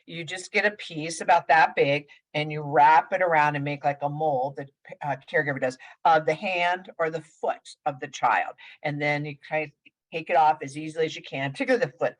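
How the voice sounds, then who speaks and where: A woman's voice: deep voice, a bit bright, low-quality recording. A woman play therapist giving a conversational webinar presentation, walking listeners through hands-on activities with plenty of fillers.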